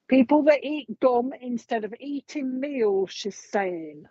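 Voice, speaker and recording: A woman's voice: on the high side, animated, measured pace, dark tone, dry recording, lo-fi sound. A woman giving a live mediumship reading. She talks in a chatty, meandering way and passes along messages with frequent ums. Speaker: psychic medium.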